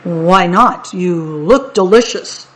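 A woman voicing a hungry, boastful male troll in a picture book read-aloud, with a drawn-out, greedy way of talking. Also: fairly low pitch. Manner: drawn-out, greedy, then stammering.

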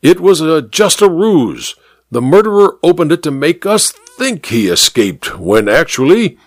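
A man voicing a blustering, snorting old army major with theatrical pauses, read in a dry storybook style. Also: a little high, big pitch swings, no echo, pitched above the performer's own voice.

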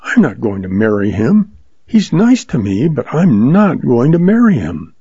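A man's voice: mid-range voice, wildly swooping pitch, measured pace, breathy edge, dry recording, muffled recording, exaggerated voice. A man putting on an earnest young woman. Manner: soft, earnest.

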